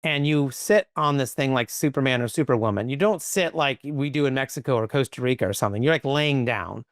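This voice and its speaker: Guy on a podcast telling a story, quick and animated, smooth clear voice, no room echo. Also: medium pitch, studio quality. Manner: animated, quick, peppered with "like" and "right?". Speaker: podcast guest, company leader. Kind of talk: conversational storytelling.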